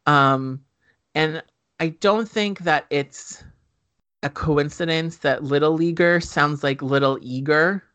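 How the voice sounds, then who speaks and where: A man's voice: on the high side, slow, a bit bright. A man co-hosting a podcast who recaps a film in casual chat, joking and swearing, with lots of fillers. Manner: profane, joking, filler-heavy storytelling.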